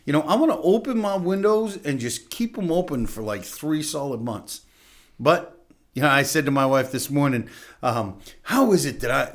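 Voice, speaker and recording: A middle-aged man hosting a local TV talk show, chatty and upbeat, laughing often. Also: fairly high pitch. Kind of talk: casual chat on local TV.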